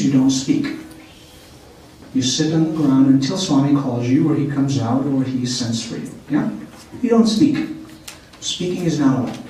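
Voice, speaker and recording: Mellow-voiced man in an echoey hall. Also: fairly high pitch, recorded from a distance, a little hiss or hum. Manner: checks in with listeners. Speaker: speaker at a spiritual center. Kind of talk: storytelling spiritual talk. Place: meeting hall of a spiritual center.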